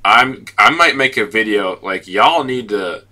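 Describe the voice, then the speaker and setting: A man co-hosting a casual podcast discussion, speaking in an emphatic, expressive way. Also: lowish voice, a little slow. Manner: emphatic, expressive fan talk. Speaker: podcast co-host.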